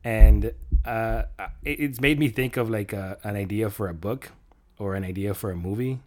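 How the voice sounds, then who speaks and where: A man's voice: on the low side, moderate pace, a little mellow. A man chatting casually as a podcast co-host, rambling through ideas with jokes and frequent laughter. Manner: rambling, joking, laughs often. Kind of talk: casual chat.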